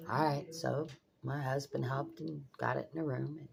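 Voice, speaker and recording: A woman's voice: very deep voice, fairly even intonation, moderate pace, vocal fry, crowd noise. An older woman telling a story in a blunt, exasperated way, swearing freely as she vlogs. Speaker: vlogger. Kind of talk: casual storytelling.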